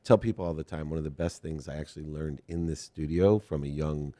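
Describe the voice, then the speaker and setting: A man's voice: rumbling low, a little fast, mellow. A middle-aged man from Ohio hosting an interview, rambling and self-deprecating, often laughing. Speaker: interview host. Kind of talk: casual interview conversation.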